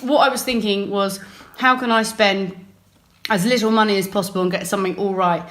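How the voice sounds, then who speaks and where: A woman's voice: mid-range voice, fairly even intonation, brisk, fairly bright tone. A young woman from England co-hosting a wine podcast, chatting casually and giggling as she describes wines. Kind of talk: casual chat.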